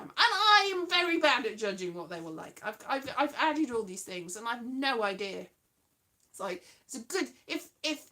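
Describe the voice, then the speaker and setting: A woman hosting a casual chat, rambling and trailing off as she hunts for names, with quick asides. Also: high-pitched, pushed and bright. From Wales. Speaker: podcast host.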